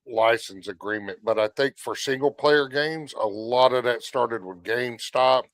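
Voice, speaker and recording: A man on a gaming podcast calmly laying out his theory in casual talk. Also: mid-range voice, moderate pace, no echo.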